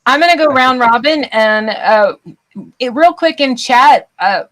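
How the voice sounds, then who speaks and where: A young adult woman hosts a casual livestream chat, joking and swearing freely. Her voice is animated and lively. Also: high-pitched, a little slow, poor audio. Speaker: livestream host.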